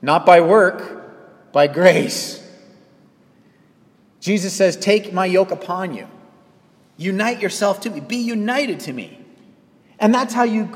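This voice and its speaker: Male pastor, high-pitched voice, animated preaching with hushed drops and loud peaks, long hall reverb. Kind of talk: sermon.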